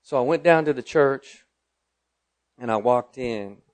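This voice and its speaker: A middle-aged man preaching a sermon, moving from loud declarations to quiet personal storytelling. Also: medium pitch, measured pace. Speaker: pastor.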